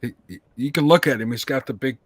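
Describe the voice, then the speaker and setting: A man's voice: mid-range voice, quick pace, slightly rough, no echo. Blunt man, dry close sound. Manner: blunt, laughing, plain-spoken. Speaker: podcast guest. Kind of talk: casual podcast chat.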